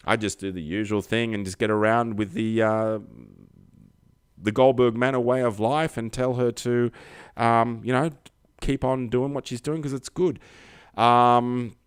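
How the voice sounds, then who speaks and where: A man's voice: mid-range voice, steady tone, measured pace, clear, resonant tone, no room sound, studio quality. A man hosting a livestream, rambling through a comic monologue with self-mocking jokey asides. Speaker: livestream comedy host.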